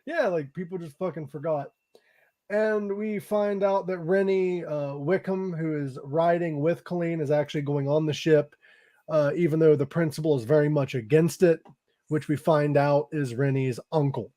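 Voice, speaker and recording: Higher-voiced man casually recapping a movie. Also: steady tone, moderate pace, dark tone. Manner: loose, profane retelling with frequent fillers and laughs. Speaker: podcast host.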